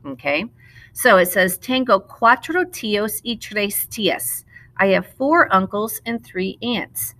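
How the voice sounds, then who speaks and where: Woman Spanish teacher, middle-aged, bright voice sitting a little low, patient, slows down to model words. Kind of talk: recorded classroom lesson narration.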